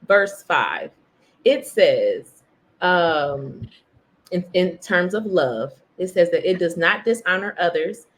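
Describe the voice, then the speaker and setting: A woman hosting a faith podcast, chatting casually and self-mockingly while reading from a devotional. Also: lowish voice. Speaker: podcast host.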